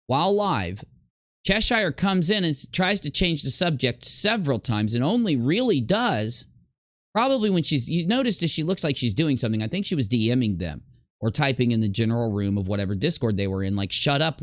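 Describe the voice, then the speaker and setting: A man's voice: medium pitch, dry recording, studio quality. A man talking in a casual, rambling commentary over video clips, stressing his points emphatically. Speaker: YouTube commentator.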